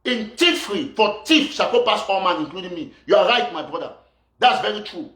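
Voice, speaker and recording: Cameroonian Pidgin-accented activist host, man, high voice, accusatory and repetitive, echoey room. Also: animated, fairly quick, a bit bright. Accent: Cameroonian Pidgin English. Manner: fiery and accusatory, repeats phrases for emphasis. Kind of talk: impassioned political rant to live viewers.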